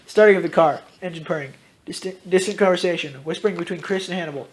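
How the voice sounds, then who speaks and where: Guy reading his own story out loud, pretty high voice, casual, swears a lot. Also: fast. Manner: switches into loud shouted character lines, swears freely.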